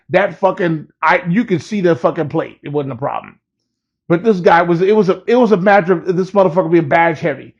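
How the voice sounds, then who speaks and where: A man with a gravelly, somewhat high voice tells a personal story in a loose, laid-back way, swearing freely. The recording is dull and lo-fi. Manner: profane, laid-back, laughs at his own story. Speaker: rapper telling a personal story. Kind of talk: casual storytelling.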